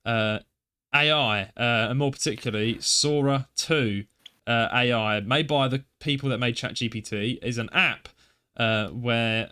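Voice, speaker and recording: A man's voice: medium pitch, sharp tone. Chatty man with many fillers. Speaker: podcast co-host. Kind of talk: casual chat, reading news aloud.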